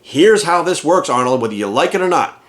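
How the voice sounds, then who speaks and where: A fitness coach rants into his channel, heated, indignant and swearing freely. His voice sits a little higher than most men's. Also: expressive, a little fast, a bit bright. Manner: profane, heated, indignant ranting. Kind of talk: ranting commentary to camera.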